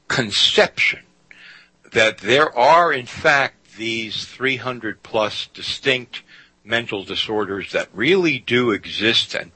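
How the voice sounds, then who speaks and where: A man's voice: lowish voice, sharp tone, breathy edge, no room sound, low-quality recording. A man hosting a talk radio show, speaking emphatically and often saying "you see". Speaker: guest radio host.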